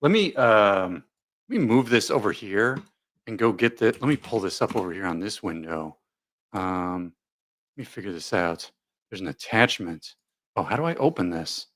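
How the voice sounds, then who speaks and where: A man's voice: on the low side, animated, moderate pace, a bit bright. A man hosting a casual live commentary stream, joking, rambling, and reading viewer comments aloud.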